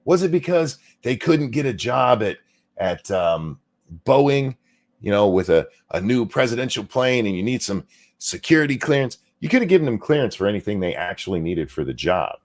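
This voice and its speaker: A male show host talking fast and ranting with sarcasm, dropping swear words as he goes. His pitch swings widely, rising and falling through every point. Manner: animated, swearing, sarcastic rants. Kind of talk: casual political commentary chat.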